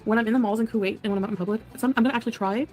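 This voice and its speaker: A woman's voice: a little high, steady tone, racing, darkish tone. A woman on an archived live stream, answering her chat with giggles and evasive replies. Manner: giggly, evasive, keeps things private. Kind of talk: casual live stream chat, played in a reaction.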